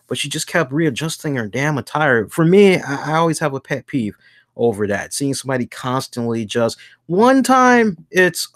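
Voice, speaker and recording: A man hosting a wrestling review show in a casual chat, animated and acting out the voices he quotes. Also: medium pitch, normal speed, dry recording, studio quality.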